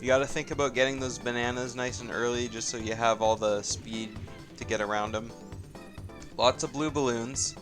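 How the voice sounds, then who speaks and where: A man casting a live racing game tournament, chatty and laid-back, trailing off with fillers. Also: on the low side. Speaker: tournament caster. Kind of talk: live esports play-by-play commentary. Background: soft game music.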